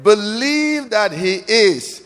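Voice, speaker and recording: High-voiced pastor preaching in a reverberant hall. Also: male voice, sing-song, extremely slow. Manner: preaching with call-and-response questions, rising to shouts. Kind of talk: sermon. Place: church.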